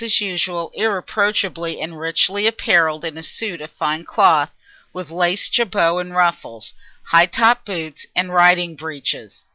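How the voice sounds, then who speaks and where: A woman narrating an audiobook with a bright, forceful tone and a slightly low pitch. Her reading is measured and expressive. The sound is close and dry, with no room echo. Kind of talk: scripted narration.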